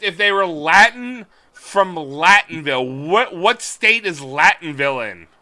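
A man with a bright, forceful voice that swings widely in pitch as he trades jokes. He co-hosts a casual podcast and keeps digging in stubbornly for the laugh. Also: expressive, measured pace, hardly any pauses. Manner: joking, playfully stubborn. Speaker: podcast co-host. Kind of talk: casual banter.

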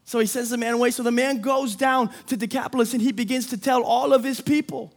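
A man preaching a sermon with energy, building to shouts and acting out quick voices for the people in the story. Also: very high voice. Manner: energetic, rising to shouts, acts out disciples' voices. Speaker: pastor.

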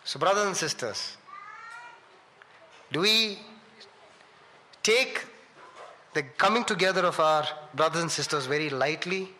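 A man preaching a sermon and telling a personal story, swinging from loud rising questions to hushed low asides. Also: measured pace, pauses often, a little hiss or hum.

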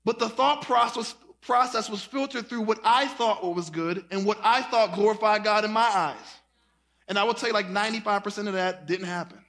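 Sitting high and a bit creaky, this pastor's voice moves at normal speed through a folksy, casual sermon. He addresses the congregation as y'all, preaches with animation, and breaks into song and shouting.

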